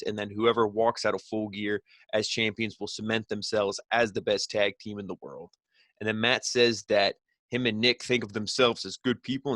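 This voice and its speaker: A man talks through a wrestling recap in a slightly low voice, loose and rambling, full of fillers. He is blunt and opinionated. The sound is dry and close, with no room around it. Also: a bit bright, dry recording. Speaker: wrestling show reviewer. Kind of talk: casual recap commentary.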